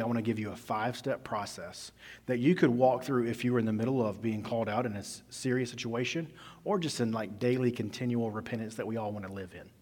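A husky, fairly low-pitched male pastor tells his sermon as a conversational story, his volume climbing for emphasis and dropping for asides. The church hall he's recorded in is echoey.

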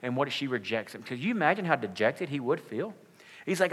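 A man's voice: medium pitch, sing-song, brisk, a bit bright, breathy edge, in a large hall. A male pastor giving a sermon in an earnest, conversational way, with casual filler words.

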